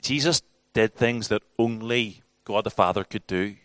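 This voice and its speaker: Guy preaching to a small group, casual and conversational, lots of restarts, kinda low voice. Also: a little slow, a bit bright, dry recording. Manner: conversational, restarts, acts out quotes. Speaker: preacher teaching a class. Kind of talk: informal sermon teaching.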